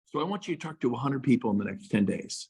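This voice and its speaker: A middle-aged man, a realtor, giving a passionate motivational talk with emphatic repeats and big swings in pitch and loudness. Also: expressive, fast talker, breathy edge. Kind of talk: fired-up motivational speech.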